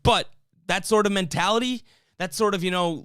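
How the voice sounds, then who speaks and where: A man's voice: high-pitched, very animated, normal speed, fairly bright tone, smooth, no echo, studio quality. A man hosting a live sports fan stream, reading chat comments and ranting in a fired-up, rambling way with lots of restarts.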